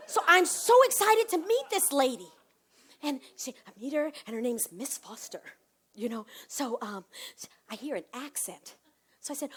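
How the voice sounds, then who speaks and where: A woman performing a comic one-woman stage monologue, animated, swinging from hushed asides to loud bursts. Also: sits high, normal speed, breathy edge.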